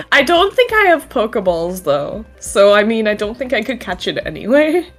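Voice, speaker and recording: A young woman chatting casually as an interview guest on a voice call, laughing often and swearing now and then. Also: on the high side. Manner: giggly, swearing, lively. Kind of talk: casual online chat.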